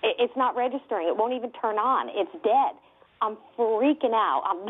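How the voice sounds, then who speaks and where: A woman investigator telling a story with excitement, laughing often and using many fillers. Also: on the high side, normal speed, breathy edge. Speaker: guest UFO investigator. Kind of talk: animated storytelling. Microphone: telephone. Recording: tinny phone line.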